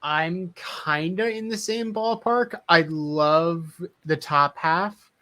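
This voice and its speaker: Male podcast co-host, slow and measured, higher pitch, thoughtful and hesitant. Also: pushed and bright. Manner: hesitant, thoughtful, full of fillers. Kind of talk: casual chat.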